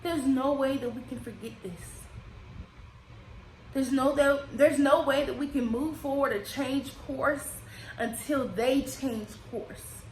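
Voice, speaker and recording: Woman vlogger, high voice, emotional and casual, echoey room recording. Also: slow pace, darkish tone, a little hiss or hum. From United States. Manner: emotional, rising and falling with feeling, Southern-tinged casual speech. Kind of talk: impassioned personal vlog. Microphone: desk microphone.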